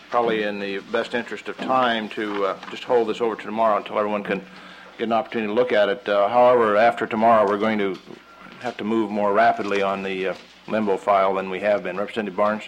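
A man presiding over a state house session, calling votes and ruling on motions in a measured, procedural way with frequent hesitations. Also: fairly low pitch, a little hiss or hum, rough recording. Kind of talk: parliamentary chairing. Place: legislative chamber.

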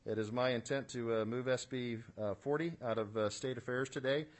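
A man's voice: medium pitch, steady tone, a little fast. A man chairing a formal legislative committee hearing from a committee room. He is procedural and businesslike, with many "uh" fillers and the odd dry aside. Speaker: state senate committee chair.

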